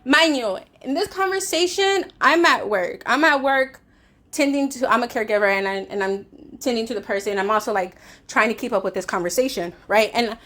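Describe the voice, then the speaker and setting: A woman's voice: a little high, fairly bright tone. A woman telling a storytime vlog in a heated, swearing way, acting out both sides of an argument. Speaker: vlogger; caregiver.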